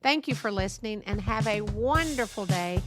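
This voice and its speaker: A woman's voice: medium pitch, lively intonation, normal speed, over loud music. A middle-aged woman hosting a podcast, casually retelling an old story in a chatty, rambling way with asides and restarts. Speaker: podcast host.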